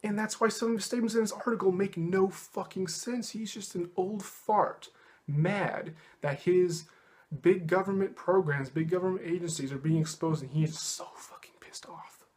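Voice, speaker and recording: A young man with a slightly high-pitched voice, ranting on politics in a heated, sarcastic way. He swears freely and jumps between points as he vents to his viewers. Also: moderate pace, darkish tone. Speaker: political commentary vlogger. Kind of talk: ranting monologue.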